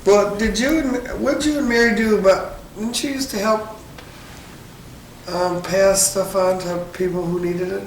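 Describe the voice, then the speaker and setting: A man's voice: high-pitched, fairly even intonation, a little slow. A man interviewing, asking curious, prompting questions. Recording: distant, echoey, noisy room sound.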